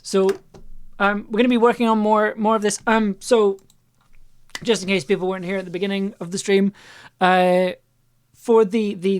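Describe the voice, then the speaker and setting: A woman chatting loosely on her own live stream about making an audio piece, rambling and laughing often at herself. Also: mid-range voice. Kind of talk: casual live-stream chat.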